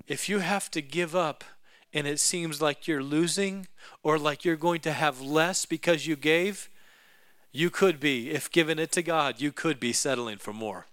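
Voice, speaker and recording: A male preacher telling a story in a sermon, acting out each voice and swinging from loud to hushed. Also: fairly high pitch, smooth, no echo.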